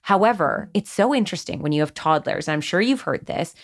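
A woman in her forties, a guest on a podcast, talking candidly and in a lively way about raising her kids. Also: lowish voice, a little fast, creaky. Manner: candid, animated storytelling with frequent "like". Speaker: podcast guest, parenting platform founder. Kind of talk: casual conversational interview.

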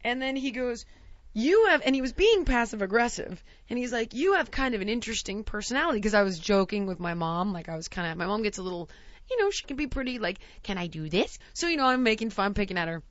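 A woman's voice: medium pitch, fast, dry recording, muffled recording. A woman in her forties telling a comic story about her own life, acting out the people in it with self-mocking animation. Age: 40s. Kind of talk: comedic storytelling.

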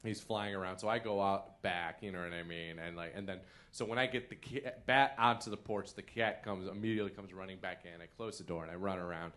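A man's voice: sits low, a little fast, few pauses, a bit bright. A man doing comic storytelling on a podcast, laughing mid-sentence and acting out quotes with big jumps in voice. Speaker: comedian guest. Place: theater stage.

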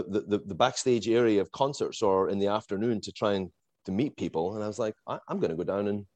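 A middle-aged man spins a rambling, animated anecdote, his voice sitting on the low side. The sound is close and dry, with no room around it. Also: no echo, lo-fi sound. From moved to the United States from abroad. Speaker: guest fan telling a story. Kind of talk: casual storytelling chat.

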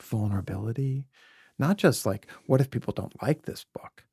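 A man's voice: medium pitch, animated, moderate pace, darkish tone, breathy edge, no room sound, studio quality. A middle-aged man from New York City as a podcast guest, telling earnest, confessional stories in a reflective conversation and sometimes dropping to a near-whisper.

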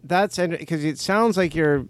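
A man co-hosting a comedy podcast, teasing in a joking, halting way. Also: fairly high pitch, no echo. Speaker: podcast co-host. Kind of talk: casual comedy podcast banter.

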